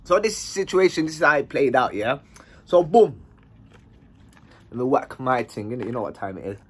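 A man's voice: medium pitch, moderate pace, slightly rough. A man telling a story in a casual, slang-heavy way. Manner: animated, slang-heavy, acts out dialogue.

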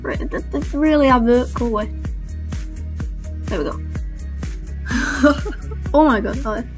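A woman's voice: on the high side, moderate pace. Woman gamer reacting to her old vids, keeps going oh no and laughing at herself, faint music behind. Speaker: gaming YouTuber. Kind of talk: casual reaction commentary.

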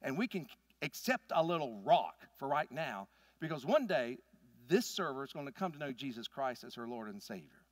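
A middle-aged pastor, telling a family story in a conversational sermon that builds to emphatic points. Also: male voice, mid-range voice, very animated, moderate pace, no echo, studio quality. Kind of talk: sermon with personal stories.

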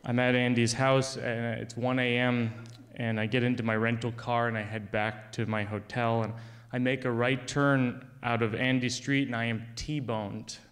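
Male comedian with a clear, resonant voice, telling a personal story in a dry, deadpan stand-up style. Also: mid-range voice, moderate pace.

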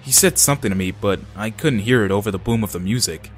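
A man narrating scary true stories in a steady, low-key way. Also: fast talker, faint music behind.

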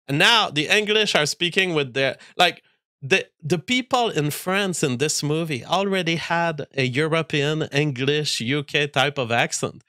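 A man's voice: on the high side, pushed and bright, dry recording, clean studio sound. A man hosting a show and giving a casual spoken film review, exasperated and rambling, often breaking off and restarting sentences.

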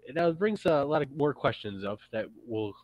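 A man's voice: medium pitch, expressive, moderate pace, a little mellow, no room sound, low-quality recording. A man hosting a casual interview, asking loose questions with fillers. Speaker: host.

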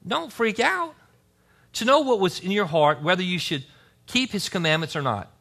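Male pastor preaching a church sermon; bright, high, very lively voice with scripture readings and asides. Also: normal speed, vocal fry. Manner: animated preaching, reads scripture aloud with asides. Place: church service.

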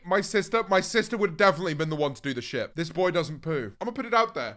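A man's voice: a little high, sharp tone. A young man with a posh southern English accent, riffing in sweary, self-mocking reaction commentary on a livestream. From England. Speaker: streamer reacting to clips.

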